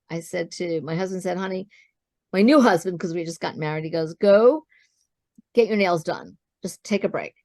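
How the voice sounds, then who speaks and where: A woman guest in an interview, telling her own business story as an animated storyteller who acts out the dialogue she quotes. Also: fairly low pitch, no room sound, clean studio sound.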